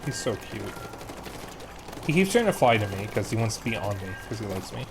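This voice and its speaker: A man streaming a game, chatting casually and telling animated stories between rounds. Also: on the low side, brisk, background noise. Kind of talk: casual gaming chat.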